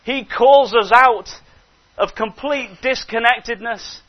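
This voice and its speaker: Man, preacher, sermon, high voice, animated, hushed asides and emphatic exhortation, dull lo-fi sound. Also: takes it slowly. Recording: dull lo-fi recording.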